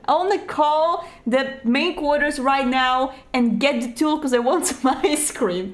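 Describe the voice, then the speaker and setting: A woman's voice: high voice, a little slow. A woman playing through a detective video game, chatting casually in a playful, curious way and stumbling over her words now and then. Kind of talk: casual let's-play commentary and reading game text.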